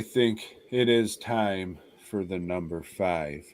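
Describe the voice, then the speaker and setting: Low-voiced male co-host, slow wry delivery, casual banter. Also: animated. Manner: wry, drawn-out joking. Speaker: podcast co-host. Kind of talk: casual chat.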